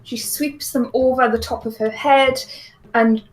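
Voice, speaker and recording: A woman's voice: fairly high pitch, fairly even intonation, unhurried, rough recording. A woman playing a tabletop game, hesitant, with many ums. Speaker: player.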